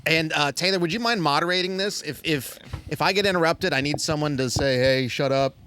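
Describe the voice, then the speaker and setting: A man's voice: fairly high pitch, brisk, slight background noise. A young man co-hosting a podcast, telling a story in casual chat and acting out the people in it. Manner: animated storyteller, quotes people in voices. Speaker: podcast co-host.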